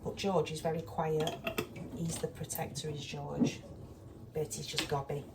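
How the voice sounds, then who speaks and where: A woman's voice: low-pitched, level tone, measured pace, creaky. A woman chatting casually in her kitchen while she cooks, exasperated and down to earth. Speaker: vlogger. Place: cold home kitchen. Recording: distant mic, loud kitchen noise. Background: clattering dishes and pans.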